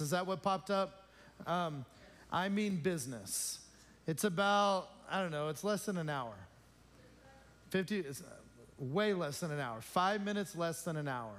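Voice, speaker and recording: Man, pastor, high voice, joking, chatty, asks the congregation questions, church sanctuary. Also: fairly bright tone. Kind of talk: informal church announcements.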